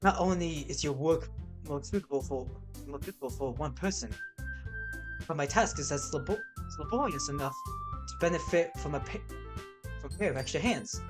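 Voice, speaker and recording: A man voicing a soft-spoken young woman who talks in a hushed, creepy, intense way. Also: a little high, moderate pace, music in the background, natural voice. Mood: prim.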